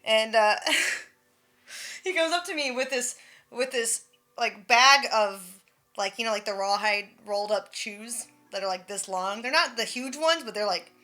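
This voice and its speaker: Bright-voiced woman streamer telling a story. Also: a little high, a little slow, soft background music. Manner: animated, laughing, swearing, filler-heavy. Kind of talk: casual storytelling chat.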